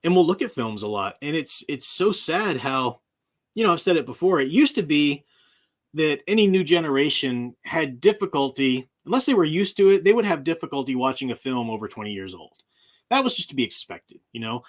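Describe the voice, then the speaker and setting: A man's voice: a little high, expressive, fairly quick. A man, a university professor hosting his own channel, talking in a casual livestream chat, emphatic and often laughing at his own remarks.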